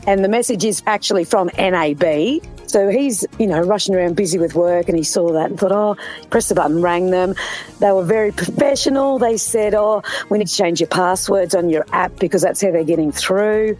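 A woman recounts a recent ordeal in a chatty, animated way, pitched at an ordinary middle level for a woman. Faint music runs quietly beneath her voice. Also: fairly quick, rough recording. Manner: chatty, animated storytelling with laughs. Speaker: interviewee, scam victim. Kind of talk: emotional retelling in an interview.

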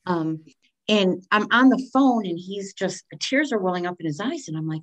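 A woman's voice: fairly low pitch, moderate pace. A middle-aged woman speaking as a guest, telling a personal story candidly and expressively, acting out what people said. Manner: candid and expressive, acts out quoted speech.

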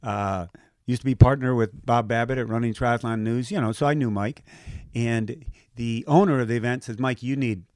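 Lively older man spinning stories. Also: mid-range voice, moderate pace, no echo, clean studio sound. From Southern California. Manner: animated anecdotes, acts out quoted voices, laughs often. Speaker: guest, race announcer. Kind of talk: casual interview storytelling.

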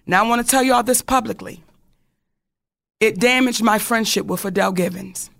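A middle-aged woman with a gravelly, slightly rough voice holds forth on her own talk show. She talks straight to the people she names, emphatic and a little preachy. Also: mid-range voice, fairly bright tone. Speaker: comedian and co-host. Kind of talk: candid talk-show commentary.

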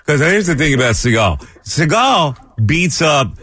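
A man hosting a sports talk radio show, animated, laughing often and acting out movie lines. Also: fairly high pitch, unhurried.

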